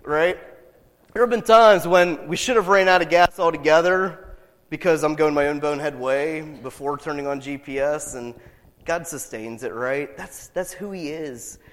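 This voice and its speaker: A man with a high voice preaches a sermon in a church sanctuary. His words ring out with a long hall reverb. He builds to loud declarations, then sinks to a soft, intimate tone as he leads a prayer. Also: moderate pace. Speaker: pastor.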